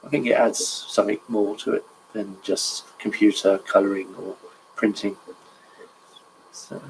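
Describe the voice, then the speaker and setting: A man's voice: on the low side, darkish tone, poor audio. Man reading a storybook aloud, chatty asides, faint noise behind. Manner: chatty, chuckles, stops to admire pictures. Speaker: reader of a children's book. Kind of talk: reading a picture book aloud with comments.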